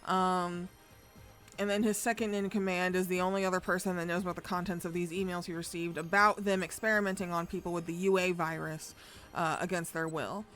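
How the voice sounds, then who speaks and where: A woman's voice: lowish voice, flat delivery, brisk, fairly bright tone, faint music behind. A woman streamer casually recapping a story, chatty and rambling, swearing freely as she goes. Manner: profane, chatty, rambling with fillers.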